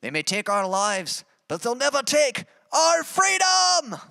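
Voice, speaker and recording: A man putting on a Scottish accent to play a yelling rebel warrior, belting out a slow battle cry. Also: extremely high pitch, wildly swooping pitch, creaky, clean tone, pitched above the performer's own voice, heavily acted. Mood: defiant. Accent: Scottish, put on. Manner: shouted battle cry, drawn out.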